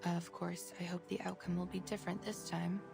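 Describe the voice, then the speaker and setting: A woman voicing an earnest young woman researcher in a video game. She speaks in a measured, self-reassuring way. Game voice acting. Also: fairly low pitch, flat delivery, creaky. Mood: cautious. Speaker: game character. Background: game music.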